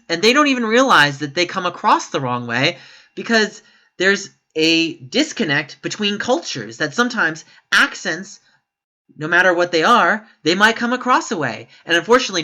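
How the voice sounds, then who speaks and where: A man's voice: high voice, pushed and bright. A man giving opinion commentary in a vlog, talking in an emphatic, rambling way and breaking into sudden exasperated outbursts. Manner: rambling, self-correcting delivery. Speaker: YouTube commentator.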